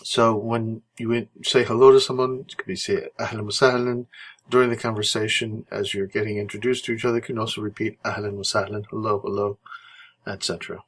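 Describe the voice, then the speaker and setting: A man teaching an Arabic textbook chapter, explaining patiently and slowing down to model each phrase. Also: lowish voice, flat delivery. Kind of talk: recorded textbook lesson walkthrough.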